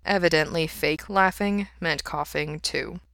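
Calm woman narrating a story. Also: deep voice, a little slow, no echo, studio quality. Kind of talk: audiobook-style fiction reading.

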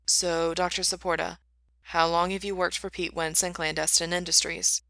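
A woman reading a story, voicing a tired, steady young man who is protective and calm. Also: lowish voice, moderate pace, creaky, no echo. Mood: weary.

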